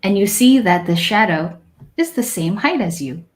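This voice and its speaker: A woman narrating as dungeon master in a tabletop game, with an unhurried, easily amused manner. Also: mid-range voice, lively intonation, reverberant, rough recording.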